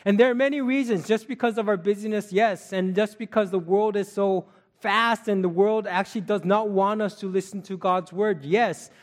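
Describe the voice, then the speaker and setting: A middle-aged pastor preaches in a high, light voice. He talks in an earnest, conversational way, telling a family story and asking the listeners questions as he goes. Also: steady tone, moderate pace, few pauses. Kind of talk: sermon with a personal story.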